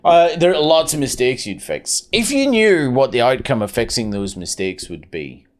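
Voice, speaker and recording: A man's voice: very animated, moderate pace. A man in his thirties chatting on a live game stream, rambling with many fillers and restarts. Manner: pitch swings widely.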